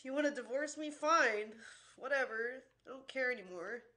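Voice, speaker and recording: Woman, high voice, sharp bright tone, furious, constant swearing, exasperated livestream rant. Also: normal speed. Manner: exasperated and worn out.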